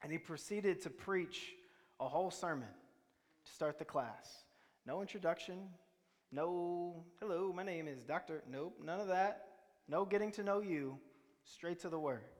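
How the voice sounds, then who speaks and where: High-voiced preacher in a reverberant hall. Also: male voice, measured pace. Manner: conversational storytelling, quizzing the congregation. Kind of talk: sermon.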